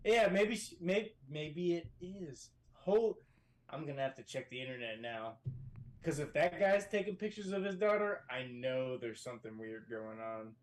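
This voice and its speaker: A man with a slightly high voice tells stories in a loose, profane way and gets animated as he goes. He is a podcast guest calling in from a hotel room, and he talks in a relaxed, chatty manner. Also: normal speed. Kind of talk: casual podcast chat.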